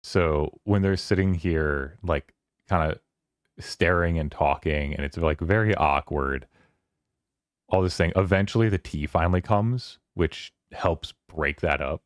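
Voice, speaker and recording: Very deep-voiced man recapping a book. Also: no room sound, studio quality. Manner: rambling, filler-heavy, quoting characters in quick voices. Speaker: streamer hosting a book club. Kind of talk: casual chat recapping a novel.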